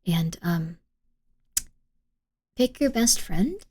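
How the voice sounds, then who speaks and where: A woman's voice: fairly low pitch, lively intonation, drawn-out words, warm tone, breathy edge. A woman streamer chatting casually with her live chat, giggly, rambling and full of apologies. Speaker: streamer reacting to videos.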